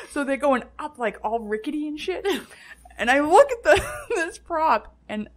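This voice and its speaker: A woman's voice: high voice, very animated, measured pace. A woman co-hosting a casual podcast, swearing freely and telling comic side stories with lots of laughter. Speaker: podcast co-host. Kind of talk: casual chat.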